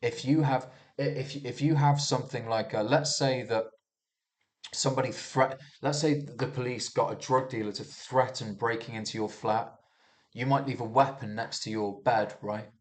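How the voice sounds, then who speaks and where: A man's voice: medium pitch, fairly even intonation, moderate pace. A man giving a casual monologue about the news, talking heatedly with lots of restarts and swearing. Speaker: commentator reviewing the news.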